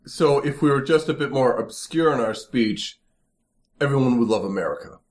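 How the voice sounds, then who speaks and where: Animated male podcast co-host. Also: medium pitch, moderate pace. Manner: animated, mimics others in put-on voices. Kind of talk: casual banter.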